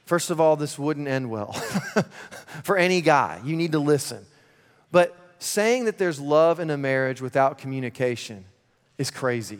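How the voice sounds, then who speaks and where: A man preaching a sermon in church, conversational and energetic with laughing asides. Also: medium pitch, normal speed. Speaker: pastor. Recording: long reverb of a large hall.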